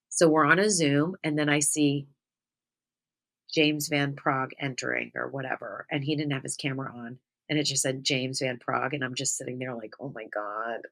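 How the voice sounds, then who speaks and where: Chatty, giggly woman medium host. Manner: chatty, giggly, heavy use of "like"; voice swings up high when excited. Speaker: podcast host, spiritual medium. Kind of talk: casual storytelling chat.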